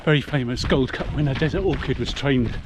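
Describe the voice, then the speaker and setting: A man's voice: mid-range voice, a little fast. A middle-aged man giving a chatty, explanatory commentary while running a muddy rural trail. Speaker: vlogger. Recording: noisy outdoor recording.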